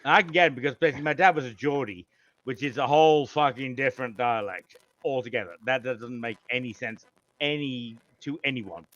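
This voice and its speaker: A man's voice: mid-range voice, a little fast, a bit bright, no room sound, muffled recording. A British man in casual chat, blunt and self-mocking, swearing freely. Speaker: podcast guest.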